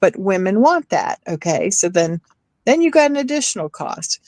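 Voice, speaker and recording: A middle-aged woman in a casual group chat, telling stories in an animated way and acting out what people said. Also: mid-range voice, moderate pace, dry recording. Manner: animated storyteller, acts out quotes. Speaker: chat participant.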